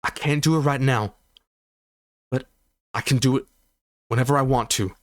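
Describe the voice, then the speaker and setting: A man's voice: mid-range voice, moderate pace, voice pushed up, lightly acted. A man voicing an earnest young man who stammers and hurries as he reassures a friend in a tabletop game. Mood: reassuring.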